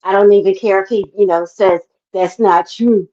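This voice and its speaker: A woman's voice: medium pitch, steady tone, moderate pace, dark tone, highs cut off. A woman guest on a casual livestream chat, speaking in an emphatic, insistent way. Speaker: guest co-host.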